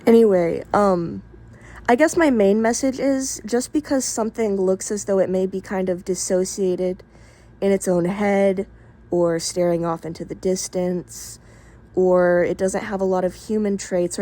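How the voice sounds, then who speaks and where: A woman's voice: mid-range voice, mellow. A woman talking straight to camera in a casual opinion monologue, blunt and candid, swearing freely and rambling through asides. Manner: rambling with many fillers and asides. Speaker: vlogger.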